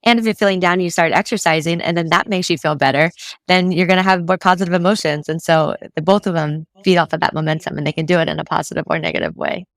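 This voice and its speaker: A woman's voice: on the low side, fairly even intonation, quick pace, dry recording. A woman guesting as a mental fitness coach, explaining things step by step in an easygoing way and often checking in with "right?". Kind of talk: casual interview explanation.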